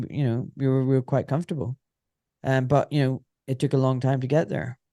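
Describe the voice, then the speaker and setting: A man's voice: mid-range voice, warm tone, dry recording. Scottish man telling stories, dry sound. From Scotland. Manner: rambling, many filler phrases. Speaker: guest, orthopaedic surgeon. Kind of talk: casual storytelling interview.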